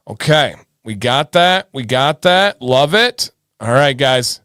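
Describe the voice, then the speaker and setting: A man's voice: mid-range voice, animated, unhurried, a bit bright, clear, resonant tone, no room sound, clean studio sound. A man hosting a casual livestream, greeting viewers by name and answering questions from the chat. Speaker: livestream host.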